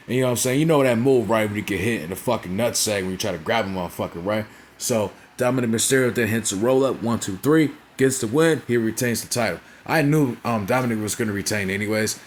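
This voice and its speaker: A man's voice: lowish voice, a little hiss or hum. A young man casually recapping a wrestling show, rambling and profane, forever tagging on "right?" and "you know what I'm saying?".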